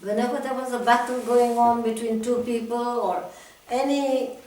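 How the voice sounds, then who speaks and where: An older woman tells a story from memory to a gathering, stopping and restarting as she goes. Her voice sits a little high. She is recorded from far off in a very echoey hall. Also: level tone, normal speed, darkish tone. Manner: reminiscing, with frequent restarts and laughs. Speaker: guest speaker. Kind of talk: storytelling talk. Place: talk venue hall.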